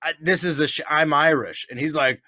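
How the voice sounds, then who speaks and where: A man's voice: on the high side, a little fast, bright, forceful tone, no room sound, studio quality. A man telling stories in casual chat, swearing often, laughing, and acting out what others said. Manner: profane, laughing, acts out voices in stories. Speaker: podcast co-host.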